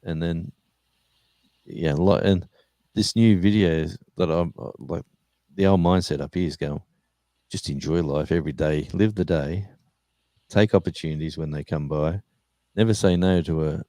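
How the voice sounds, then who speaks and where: Older aussie guy rambling thru a story, real low voice, dry close sound, lots of restarts. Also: normal speed, long pauses, warm tone, no echo. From Australia. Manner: rambling anecdotes with restarts and laughter. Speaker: live chat host. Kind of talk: casual storytelling chat.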